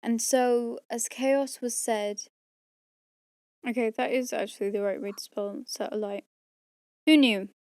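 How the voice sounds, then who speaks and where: A woman's voice: on the high side, fairly even intonation, a little slow, warm tone, dry recording. Tired, chatty woman. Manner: rambling, self-mocking, tired. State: strained, tired voice. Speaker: audiobook narrator. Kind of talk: casual bloopers and outro chat.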